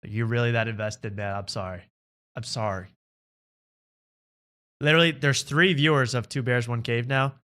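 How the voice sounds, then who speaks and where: Male comedy podcast host, sarcastic and ranty, bright voice. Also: mid-range voice, moderate pace, long pauses, clear, resonant tone. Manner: sarcastic, ranting. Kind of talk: casual comedy podcast chat.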